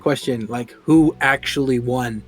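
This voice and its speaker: A man co-hosting a casual podcast chat, animated and quick to laugh, often repeating words when he gets excited. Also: medium pitch, soft background music. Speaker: podcast co-host.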